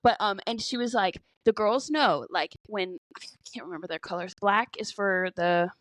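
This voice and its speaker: A woman's voice: mid-range voice, normal speed, no echo. A young woman co-hosting a podcast, chatting casually and rambling with lots of "like"s. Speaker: podcast co-host. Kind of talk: casual chat.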